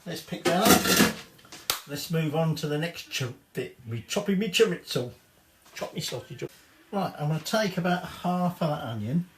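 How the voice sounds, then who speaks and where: A man's voice: fairly high pitch, animated, normal speed, echoey room, a little hiss or hum. A man giving a casual cooking demonstration in his home kitchen, chatty and rambling, with cheeky swearing. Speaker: home cook.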